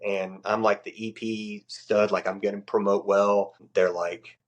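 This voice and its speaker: A man with a low voice tells stories from his military career in a blunt, profane, casual way. He is a guest chatting on a podcast. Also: flat delivery, measured pace. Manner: blunt, profane, acts out quoted people in a much higher voice. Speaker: Navy chief, podcast guest. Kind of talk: casual storytelling.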